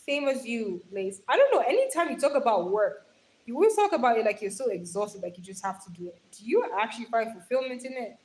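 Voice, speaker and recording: A woman's voice: on the high side, lively intonation, fast talker, a little mellow, poor audio. A young woman hosting a livestream, chatting affectionately with viewers, calling them darling and laughing often, speaking into a phone held in her hand. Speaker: livestream host. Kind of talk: casual livestream chat reading comments.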